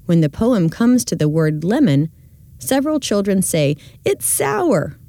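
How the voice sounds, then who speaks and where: Woman reading audio description, mellow tone, really dry sound, measured and clear. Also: on the low side, expressive, no room sound. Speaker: narrator describing video clips. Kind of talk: scripted audio-description narration.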